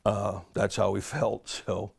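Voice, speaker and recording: A man who was a first responder, recounting a past encounter in a slow, deliberate interview clip. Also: fairly low pitch, flat delivery, creaky, darkish tone, slight background noise. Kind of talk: archive interview testimony.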